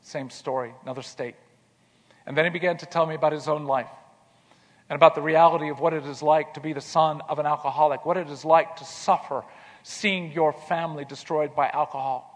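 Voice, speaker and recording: A man telling a personal story in an earnest way, repeating words as he starts and going quiet in tender moments. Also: fairly high pitch, fairly even intonation, a little fast, long reverb tail. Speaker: speaker telling his life story.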